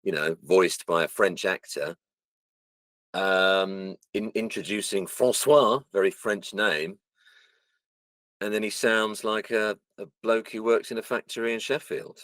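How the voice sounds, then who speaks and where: A man's voice: on the low side, measured pace, no echo. A man and voice actor, chatting about his work and acting out lines as he talks, recorded close and dry. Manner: animated storyteller, acts out lines. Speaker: voice actor guest. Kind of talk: casual interview chat.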